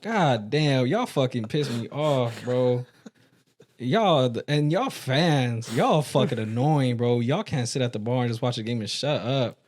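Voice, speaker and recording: A man talking football on a casual podcast, voice sitting at an ordinary middle pitch. He rants with heavy profanity and emphatic outbursts, firing off opinions in a loose, conversational flow. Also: lively intonation, unhurried, darkish tone. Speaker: podcast co-host. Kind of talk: casual sports chat.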